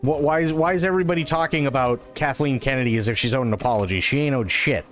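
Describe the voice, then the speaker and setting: A man's voice: medium pitch, quick pace, soft background music. A man ranting profanely in casual live-stream chat.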